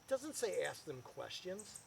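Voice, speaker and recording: A man, a guest financial advisor, telling stories in a casual video chat and building up to loud punchlines. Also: sits high, sing-song, a little slow, vocal fry, a little hiss or hum.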